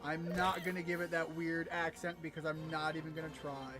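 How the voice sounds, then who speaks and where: American male streamer, fairly high voice, loose self-mocking commentary over soft game music. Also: little pitch movement, brisk. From United States. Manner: rambling, joking, self-mocking. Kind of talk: casual gameplay commentary.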